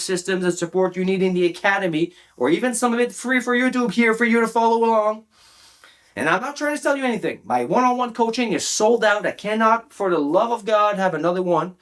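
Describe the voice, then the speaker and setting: A man teaching public speaking straight to camera, emphatic and animated, often checking in with the viewer. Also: high-pitched. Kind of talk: direct-to-camera coaching talk.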